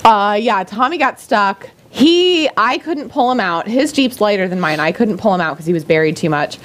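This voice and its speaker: A woman co-host in a casual chat, giving lively, quick replies. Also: mid-range voice. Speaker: podcast co-host.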